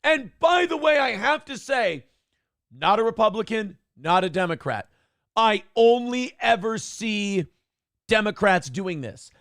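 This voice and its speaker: A man's voice: high voice, sing-song, unhurried, a bit bright, no echo, studio quality. A male morning show host giving sarcastic, crude commentary and reading viewer chat aloud. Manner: crude, sarcastic, swears freely. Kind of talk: casual live-stream commentary.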